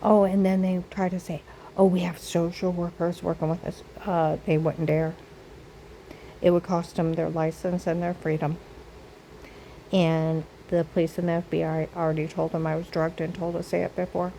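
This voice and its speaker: A woman's voice: fairly low pitch, level tone, normal speed, mellow, slight background noise, poor audio. An older woman telling a rambling personal story straight to camera, circling back and repeating herself. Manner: repetitive storytelling. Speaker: vlogger.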